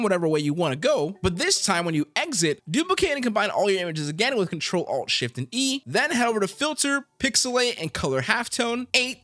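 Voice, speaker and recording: A man hosting a design software tutorial, talking in an upbeat, casual way with slang while his voice is sick. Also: high-pitched.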